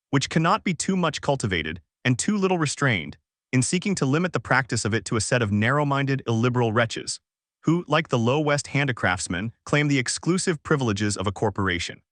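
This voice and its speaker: A man's voice: mid-range voice, sing-song, a bit bright, dry recording, studio quality. A man reading as a cunning, silver-tongued young adventurer. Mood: haughty. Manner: haughty, measured rebuke. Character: cunning, smooth-talking young male adventurer.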